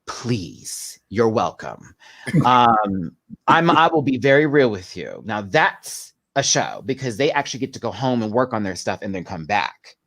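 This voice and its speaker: Man, podcast guest, lively storyteller, mid-pitched voice, dry close sound. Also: measured pace, no room sound. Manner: animated storyteller, acts out quotes. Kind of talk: casual chat.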